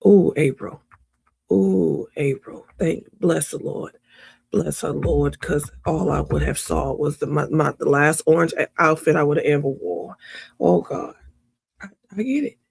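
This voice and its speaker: Loud, emphatic live commentary from a woman with a heavily gravelly, husky voice. She circles back to the same demand again and again and talks straight back at the proceedings. Her sound is close and dry, with no room around it. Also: low voice, a little slow, dry recording. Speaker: trial commentary host.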